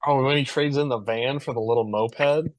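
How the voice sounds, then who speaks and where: A man's voice: medium pitch, fairly even intonation, moderate pace, low-quality recording. A man co-hosting a casual movie podcast, telling scenes animatedly and laughing mid-sentence. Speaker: podcast co-host. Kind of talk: casual chat about movies.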